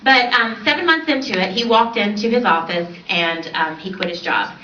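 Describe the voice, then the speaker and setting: A woman in her thirties telling her personal story to an audience on a stage, animated and often laughing. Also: mid-range voice, moderate pace. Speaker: conference speaker. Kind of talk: personal success story speech. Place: large event stage. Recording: roomy, distant, dull, slightly noisy.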